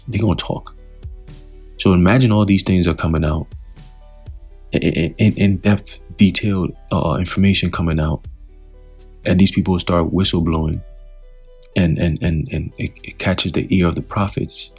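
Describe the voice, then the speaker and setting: Deep gravelly guy preaching off the cuff, kinda husky, faint music behind. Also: a little mellow. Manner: loose, talkative, asks the listener questions. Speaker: preacher teaching scripture. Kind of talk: informal scripture teaching.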